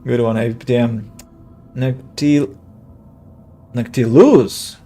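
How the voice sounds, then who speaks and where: A medium-pitched, slightly mellow male voice moves at a measured pace. The speaker, an English teacher who streams games, chats casually through let's-play commentary, rambling, correcting himself, filling gaps with fillers, and answering viewers' comments.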